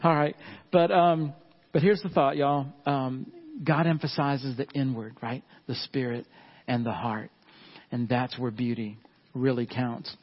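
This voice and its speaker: A man's voice: mid-range voice, steady tone, unhurried, husky. A middle-aged man preaching a sermon in a folksy way, often turning to the congregation with asides. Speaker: pastor. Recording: dull lo-fi sound.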